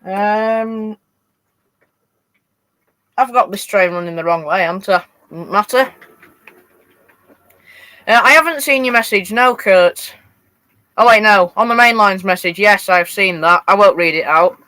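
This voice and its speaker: This high voice belongs to a teenage Yorkshire lad hosting a live stream, where he runs model trains and replies casually to viewer messages in his local accent. He speaks at a measured pace with long pauses, his tone bright and forceful, though the recording is rough.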